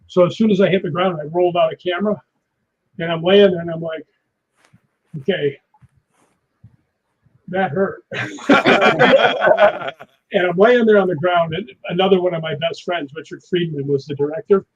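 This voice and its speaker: A husky-voiced man, a stunt performer appearing as a guest on a live show, tells lively anecdotes at a normal pace. He acts out crashes with sound words like "boom" and "whap," and the audio is dull and lo-fi.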